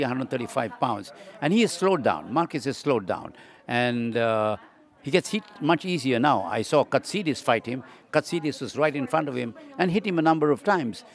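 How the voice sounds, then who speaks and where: A man who works as a boxing journalist, giving a measured, analytical prediction in an interview. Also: medium pitch. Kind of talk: interview answer.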